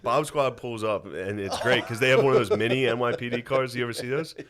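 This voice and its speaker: A man's voice: medium pitch, fairly even intonation, fast talker, fairly bright tone. A man co-hosting a podcast, joking and riffing crudely with his friends. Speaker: podcast co-host. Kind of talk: casual podcast banter.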